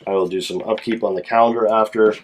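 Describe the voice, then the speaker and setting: Man, low voice, game master, solo tabletop narration, casual, thinking aloud. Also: steady tone, quick pace, darkish tone. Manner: casual, thinking aloud while rolling dice.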